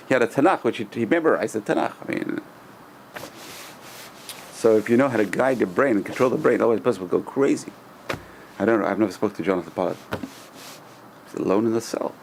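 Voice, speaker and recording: A man's voice: lowish voice, creaky, a little mellow, a little hiss or hum. A middle-aged man, a rabbi, teaching a Torah lesson in a conversational storytelling way, often repeating himself and chuckling.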